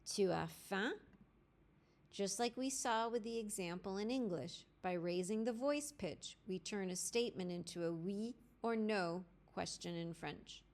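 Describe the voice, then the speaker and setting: A woman teacher narrating a language lesson, clear and deliberate, spelling out grammar formulas step by step. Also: medium pitch, a little mellow. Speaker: French teacher. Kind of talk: slow instructional lesson narration.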